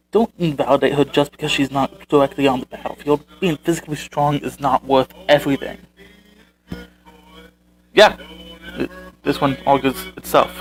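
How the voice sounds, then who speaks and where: A man's voice: on the high side, vocal fry, poor audio. A man hosting a commentary video, reading out social media posts and answering them with sarcastic, exasperated remarks.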